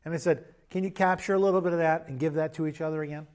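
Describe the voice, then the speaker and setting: A man's voice: on the high side, steady tone, very fast, darkish tone. A man preaching a sermon as pastor in a church, conversational and joking with emphatic bursts.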